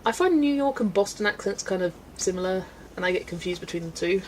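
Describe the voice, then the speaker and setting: A woman hosting a relaxed livestream, chatting and laughing with viewers as she greets them by name. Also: medium pitch, fast, slight background noise. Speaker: livestream host. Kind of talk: chatty livestream while colouring, reading chat.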